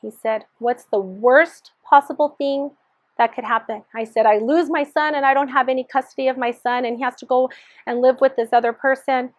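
A woman's voice: high-pitched, steady tone, fast, dry recording. A woman sharing her personal testimony in an earnest storytelling manner, re-enacting the dialogue as she recalls it.

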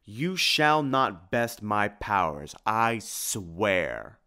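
A man voicing the spirit of a vampire count in an audiobook, with booming, drawn-out threats. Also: big pitch swings, pushed and bright, full character voice. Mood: menacing. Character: Count Dracula's spirit, a menacing male vampire. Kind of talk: audiobook character voice.

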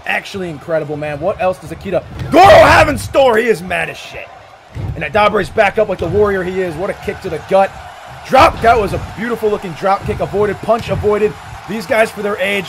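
A man giving excited, swearing play-by-play commentary on a wrestling match, shouting at the big moves. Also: high voice, noisy background. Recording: music playing behind the voice.

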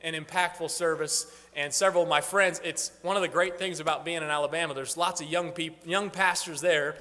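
A man addressing a congregation as their pastor, his voice pitched high and sharply bright. He talks in a loose, casual way, restarting his sentences often. The sound carries a long reverb from the church hall. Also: fairly even intonation, fairly quick. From northern United States. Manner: casual, rambling, frequent restarts. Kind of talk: informal church talk on ministry updates. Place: church sanctuary.

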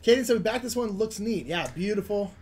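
High-voiced jokey man on a stream. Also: lively intonation, brisk, a little mellow. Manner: jokey, reads viewer comments aloud. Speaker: co-host. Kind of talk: casual live-stream chat.

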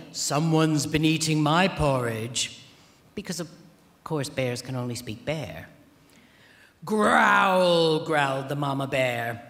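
A woman author giving a festival opening speech, retelling a fairy tale in a dry, ironic, deadpan way. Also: low-pitched. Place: large theatre hall. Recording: long reverb of a large hall.

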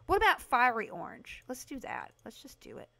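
A woman livestreaming a house renovation game, chatting casually with her viewers and breaking into excited bursts. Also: fairly high pitch, fairly quick, vocal fry. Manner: chatty, talks to chat by name, excited bursts. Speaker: livestream host playing a video game. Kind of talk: casual live game commentary.

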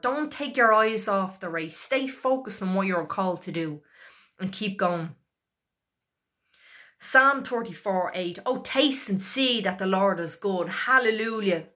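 A woman's voice: mid-range voice, a bit bright. A woman preaching an exhorting sermon, emphatic and repetitive as she urges listeners on.

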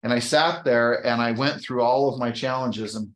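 A man's voice: mid-range voice, steady tone, moderate pace, fairly bright tone. A man in his fifties, with a voice sitting in an ordinary middle register, speaks to a room of agents at a team training. He tells a personal story and then builds to an emphatic, encouraging push. The sound carries a roomy echo from the meeting space. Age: 50s. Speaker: real estate team leader and trainer. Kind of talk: motivational talk to an audience.

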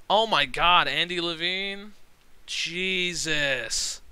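Young male streamer, excitable and profane, very bright smooth voice, lively pitch, dry sound. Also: slow pace, dry recording, poor audio. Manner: excitable, swears freely, gushes and rambles. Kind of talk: casual livestream commentary reading game text aloud.

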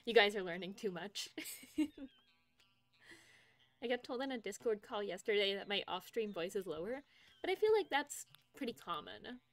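A young woman streaming from home, chatting casually with her viewers, laughing often as she reads out their messages. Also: mid-range voice. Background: faint game music.

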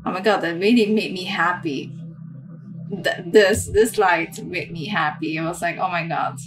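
A young woman with a Romanian background, commenting casually on a game she plays, swearing and excitable, full of fillers. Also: lowish voice, unhurried, over music, poor audio. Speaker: game streamer.

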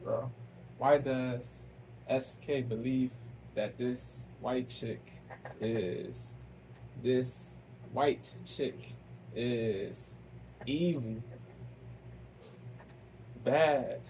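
A man hosting a reaction video, talking slowly in casual commentary, asking "why" over and over and dropping fancy words into slang. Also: mid-range voice, a little mellow, slight background noise, rough recording. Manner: slow, repetitive, keeps asking why, drops fancy words.

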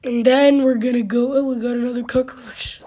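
A woman with a hoarse voice hosting casual gameplay commentary, halting and full of fillers, now and then dropping to a whisper. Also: fairly high pitch, steady tone, mellow. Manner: halting, with many fillers and sudden drops to a whisper. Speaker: gaming channel host.

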